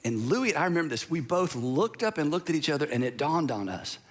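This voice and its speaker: A man's voice: fairly high pitch, big pitch swings, a little fast. A man from Georgia in the United States preaching a sermon as pastor, telling stories in a conversational way with humorous asides. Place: church auditorium.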